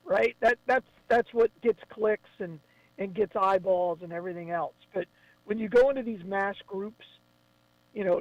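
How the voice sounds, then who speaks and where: A man talking as a guest on a radio show, enthusiastic and quick to chime in. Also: high-pitched, dry recording, muffled recording. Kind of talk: casual radio chat.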